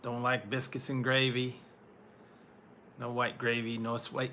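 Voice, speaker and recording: Fields: Sex: man. Role: food reviewer answering chat. Style: casual rambling live-stream talk. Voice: bright, forward. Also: medium pitch, level tone, a little slow, slight background noise. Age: adult, once married. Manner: rambling, with fillers and laughs.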